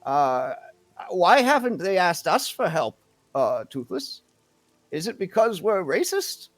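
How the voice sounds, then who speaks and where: A man voicing a nervous, stammering sixty-five-year-old man who blurts things out loudly. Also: high-pitched, sing-song, slow, voice pushed up, full character voice. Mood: flustered. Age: 60s. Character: nervous older man, jittery and loud.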